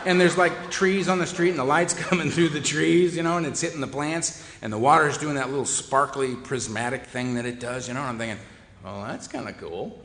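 A man's voice: on the high side, steady tone, fairly quick, hardly any pauses, a bit bright, a little hiss or hum. A man giving a humorous recovery talk, wry and self-deprecating, to a meeting hall. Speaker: recovery speaker. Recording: echoey hall with long reverb.

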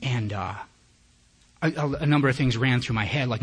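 A man with a husky voice shares his recovery story before a meeting crowd. He is candid and self-mocking, and he acts out his own inner thoughts as he tells it. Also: medium pitch, moderate pace, long pauses. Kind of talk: personal recovery testimony told as a story.

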